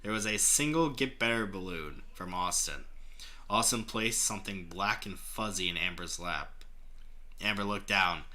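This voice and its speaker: A man's voice: deep voice, moderate pace, sharp tone. A young man reading fan fiction aloud in a mocking way, laughing often, swearing and breaking off to make fun of the writing. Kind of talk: mocking dramatic reading with banter.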